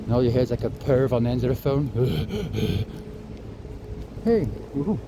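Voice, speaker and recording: A man's voice: medium pitch, flat delivery, very fast. A man, chatting and rambling as he walks for a travel vlog, a little out of breath, swearing and apologizing. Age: 50s. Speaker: travel vlogger. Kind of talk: casual walking vlog. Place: city streets outdoors. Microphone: clip-on mic to phone. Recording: outdoor street noise.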